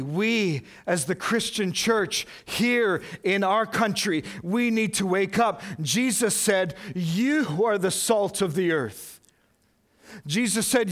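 A male pastor delivers a sermon in a notably high voice, taking his time over every phrase. He drives points home through repetition, rising to loud, emphatic peaks before sinking into hushed, intense passages.

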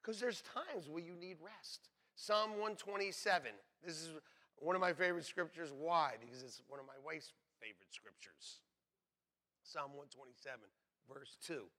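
A man's voice: a little high, normal speed. A middle-aged man preaching a sermon, telling jokey stories with laughs along the way. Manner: joking, animated storytelling with laughs. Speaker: pastor. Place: church sanctuary.

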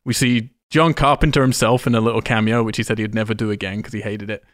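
A man's voice: fairly low pitch, steady tone, fast, dry recording, clean studio sound. A man hosting a casual film discussion, enthusiastic and freely swearing as he breaks down scenes. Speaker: podcast host.

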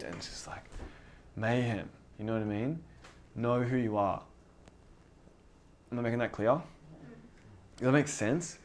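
A man's voice: mid-range voice, moderate pace, pauses often. A man preaching a sermon in a casual, conversational way, often acting out dialogue. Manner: conversational, animated, acts out dialogue.

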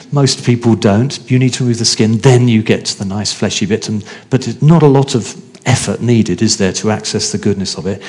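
A man's voice: medium pitch, darkish tone. A man preaching a sermon in a chatty, conversational way, often asking his congregation questions.

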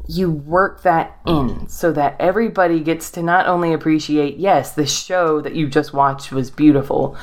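A woman's voice: deep voice, steady tone, moderate pace, hardly any pauses. A young woman hosting a podcast, chatting casually and enthusiastically, laughing often and using lots of fillers. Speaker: podcast host. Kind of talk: casual chat.

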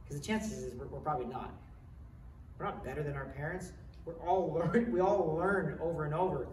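A man's voice: on the high side, darkish tone, slight background noise. Man preaching in a roomy space. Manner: earnest, conversational preaching with frequent restarts. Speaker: pastor. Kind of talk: sermon. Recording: roomy echo, voice from some distance, faint ambience.

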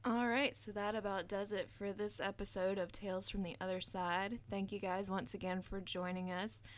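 A woman hosting a horror podcast who reads a scary story with steady, dramatic storytelling and closes with a relaxed, chatty sign-off. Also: mid-range voice, normal speed.

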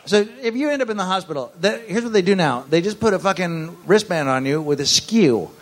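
A man's voice: high-pitched, animated, a little fast. A man from the United States in casual comic podcast chat, blunt and swearing often, riffing with exaggeration.

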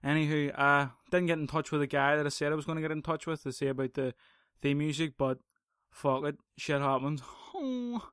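A man's voice: on the high side, little pitch movement, brisk, fairly bright tone, clear, resonant tone, no echo, clean studio sound. Sweary man, rambling podcast. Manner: profane, rambling, sarcastic. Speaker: podcast host. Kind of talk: casual solo podcast rant.

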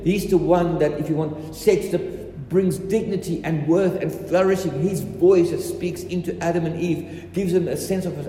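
A man delivers a sermon in a slightly raised pitch, hammering home his points by repeating phrases. His voice rings through a large hall with a long, echoey tail. Faint room ambience sits behind him. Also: mellow, a little hiss or hum. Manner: emphatic, repeats key phrases. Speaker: preacher.

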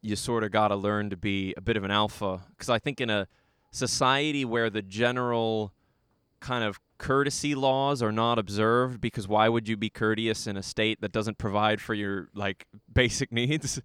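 A man's voice: on the low side, steady tone, moderate pace, fairly bright tone, clean tone, no echo, studio quality. A young American man chatting casually, rambling through a travel story with lots of fillers. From United States. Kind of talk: casual conversation.

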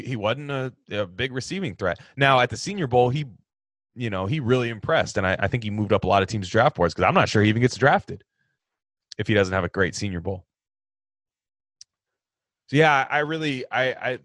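In clean, dry studio audio, a man runs a casual sports talk and answers fans with an animated, ranting delivery. He swings from loud bursts to quiet muttering.

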